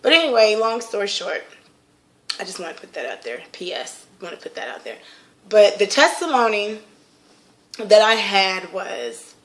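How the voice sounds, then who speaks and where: Young woman, casual vlog testimony, heartfelt and rambling, mid-pitched voice. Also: very animated, moderate pace, fairly bright tone. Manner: emotional, earnest, rambling with many fillers. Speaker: vlogger sharing a personal testimony. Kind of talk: casual personal talk.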